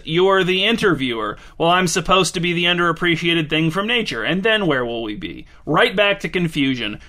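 A man's voice: fairly high pitch, bright, forceful tone. A man hosting a podcast, delivering a sarcastic, exasperated comedic monologue. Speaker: podcast host.

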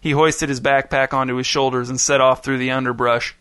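A man narrating a children's story, steady and measured. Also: medium pitch, clear, resonant tone, dry recording, studio quality. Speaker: audiobook narrator. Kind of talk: scripted narration.

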